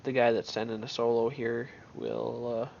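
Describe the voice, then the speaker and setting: A man's voice: mid-range voice, little pitch movement, normal speed, gravelly, muffled recording, a little hiss or hum. A man giving casual gameplay commentary on his own match, thinking aloud in an offhand way with many restarts.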